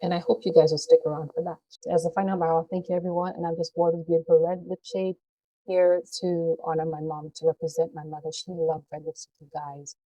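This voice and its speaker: A woman's voice: low-pitched, flat delivery, a little fast, dark tone, dull audio. A woman vlogger speaking to her viewers in a heartfelt, earnest way. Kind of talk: personal talk to camera.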